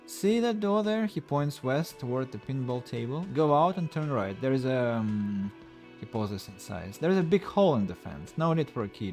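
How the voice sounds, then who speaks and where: A man's voice: medium pitch, darkish tone. Man reading game text on a stream. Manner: casual, chuckling, reads narration aloud and comments.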